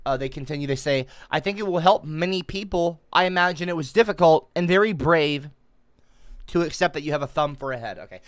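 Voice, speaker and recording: A woman's voice: sits low, fairly quick, soft background music. Shrieking, foul-mouthed woman streamer. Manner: swings from dry muttering to shrieking outbursts. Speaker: livestreamer reading donations. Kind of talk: casual livestream chat.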